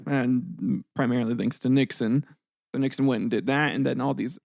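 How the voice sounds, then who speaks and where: A gravelly-voiced young man hosts his own podcast, talking in a loose, rambling way with plenty of ums and little laughs. The sound is close and dry, with no room echo. His pitch sits at an ordinary middle height. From United States. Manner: rambling, loose, full of fillers and chuckles. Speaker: podcast host. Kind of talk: casual solo podcast chat.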